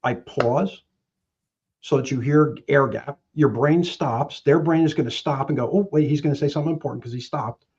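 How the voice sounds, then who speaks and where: Middle-aged male mortgage pro, lively sales-coach delivery on a muffled line. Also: medium pitch, moderate pace, slight background noise. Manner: emphatic storyteller, acts out both sides of phone calls. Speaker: guest, mortgage professional. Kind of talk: animated sales coaching talk.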